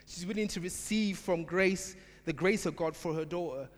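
A man preaching a sermon in a church, emphatic, swinging from shouted repetition to quiet asides. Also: high-pitched, normal speed. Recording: long hall reverb.

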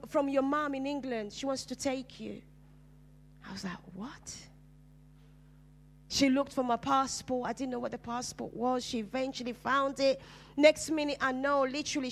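A woman pastor from Uganda delivers her testimony from the pulpit in a fairly high voice. She tells it as a vivid story, rising to loud bursts and then dropping to hushed, low asides. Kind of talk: personal testimony sermon.

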